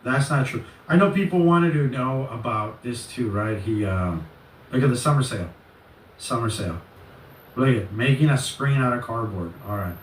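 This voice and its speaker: A man telling a story in a casual vlog rant, rambling and animated, with swearing. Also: medium pitch, moderate pace. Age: adult. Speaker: channel host. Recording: echoey, distant mic, faint noise.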